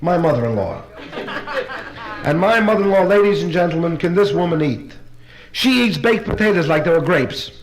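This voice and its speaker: A male stand-up comic working a club crowd, his voice sitting a touch high for a man. He rattles off gags briskly and lands each punchline with practiced timing. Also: lively intonation. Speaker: stand-up comedian. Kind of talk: nightclub stand-up routine. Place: live club show before an audience. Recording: live LP recording with distant crowd laughter.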